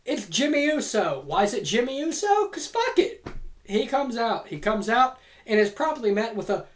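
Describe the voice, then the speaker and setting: A woman hosting a comedic monologue, telling a made-up wrestling card in a profane, excitable, rapid-fire way. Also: fairly high pitch. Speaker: host. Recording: roomy echo.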